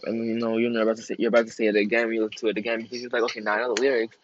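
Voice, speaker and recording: Excitable young man reacting to music. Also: lowish voice, rapid-fire, hardly any pauses, lo-fi sound, background noise. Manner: excitable, laughs often, gushing. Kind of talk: casual album reaction.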